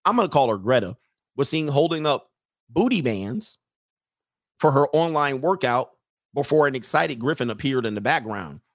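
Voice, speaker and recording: A male host giving joking, animated reaction commentary and laughing often. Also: medium pitch, normal speed, dry recording, clean studio sound.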